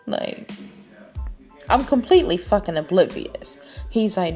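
A woman's voice: medium pitch, lively intonation, measured pace, dark tone, faint music behind. A woman hosting a podcast, telling a personal story in a casual, blunt, profane way and acting out the quotes. She sounds tired and yawns now and then. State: tired, yawning. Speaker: podcast host.

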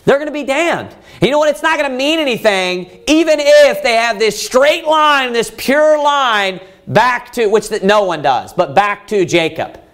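A man's voice: very high-pitched, animated, normal speed, hardly any pauses, fairly bright tone. A man preaching a sermon, reading scripture aloud and asking the listeners rhetorical questions, raising his voice to act out pleading characters.

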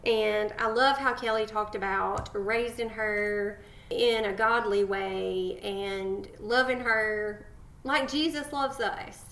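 An earnest woman co-hosts a casual faith podcast, speaking with heartfelt affection. Her voice sits at a middling pitch. The room around her is noticeably echoey. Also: fairly even intonation, slow pace. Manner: earnest, affectionate, warm praise of guests. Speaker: podcast co-host.

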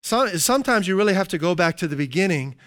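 A middle-aged male pastor preaching with a high, smooth and resonant voice. He slows down to stress key phrases, then eases into chatty, everyday asides. The sound is dry and close. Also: lively intonation, a bit bright, dry recording. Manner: slows down for emphasis, conversational asides. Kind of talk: sermon.

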